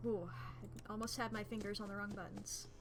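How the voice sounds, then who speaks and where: A woman streaming a game, chatting casually and excitably, swearing freely and rambling as she plays at a home desk setup. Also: mid-range voice, a little fast, background noise. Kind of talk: casual gameplay commentary.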